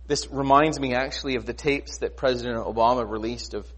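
A man preaching a sermon in a conversational, animated way, often asking rhetorical questions. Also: mid-range voice, brisk, breathy edge. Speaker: pastor.

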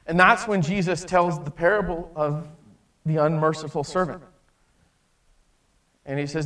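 A male preacher delivering a sermon in a high, animated voice. He acts out the people in his stories and drops from forceful emphasis to quiet, hushed lines. The mic sits a little away from him. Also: measured pace, long pauses, distant mic.

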